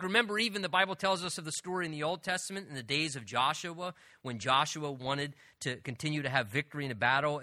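A man delivers an earnest, conversational sermon, pushing his voice up for emphasis. His tone is strikingly bright and sits a little high, and the recording is dry and close. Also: no echo. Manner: earnest, conversational preaching with restarts and rising emphasis. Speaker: preacher.

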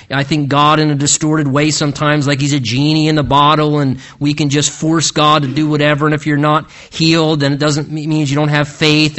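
Bright-voiced man preaching a sermon. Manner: swings between soaring emphasis and hushed low phrases; earnest and emphatic, with drawn-out slow stresses. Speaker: pastor.

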